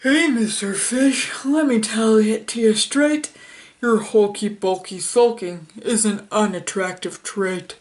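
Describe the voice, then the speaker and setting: A woman voicing a frank octopus in a children's storybook, speaking plainly and slowly. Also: medium pitch, darkish tone, close to an everyday voice. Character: frank blunt octopus with eight arms. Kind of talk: storybook read-aloud.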